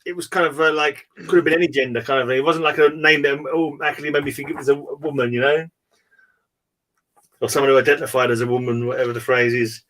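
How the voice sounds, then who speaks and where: A man's voice: medium pitch, fairly even intonation, fast, a bit bright. A man hosting a casual online chat, telling stories in a rambling way, with many restarts and fillers and frequent laughter. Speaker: host. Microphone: remote call.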